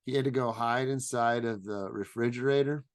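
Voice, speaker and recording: A man co-hosting a podcast, spinning animated road stories. He has a mid-pitched voice, swears freely and jumps into a loud, high register when he acts out quotes. The sound is dry and close, with no room around it. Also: moderate pace, dry recording. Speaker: podcast co-host; stand-up comedian. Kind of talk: casual storytelling chat.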